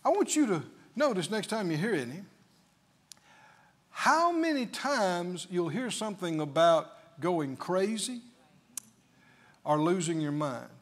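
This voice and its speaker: A man's voice: high-pitched, very animated, takes it slowly, long pauses. A male preacher delivering a sermon emphatically, full of rhetorical questions.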